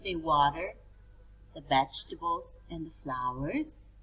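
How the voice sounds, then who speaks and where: A woman's voice: deep voice, measured pace, fairly bright tone, slightly rough, rough recording. A woman teaching preschool children, pointing things out in a sing-song, coaxing way.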